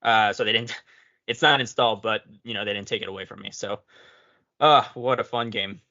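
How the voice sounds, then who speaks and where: A podcast guest in casual chat, relaxed and quick to chuckle at himself. His voice sits at a middle pitch with a bright edge, and the audio sounds somewhat dull.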